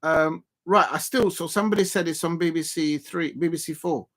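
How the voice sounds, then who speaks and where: A man chats on a casual live stream in a fairly high voice. He talks in an excitable, rambling way, drifting between thoughts and laughing often. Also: brisk. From South London, Colombian roots. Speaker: live stream watch-along host.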